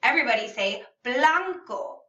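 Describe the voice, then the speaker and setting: A woman teaching a video language lesson for children, upbeat and enunciating slowly so students can repeat after her. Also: on the high side, animated, sharp tone, highs cut off. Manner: upbeat, slow and clearly enunciated, modeling words for repetition. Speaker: Spanish teacher. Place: classroom or room at home. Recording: echoey room, slightly far from mic.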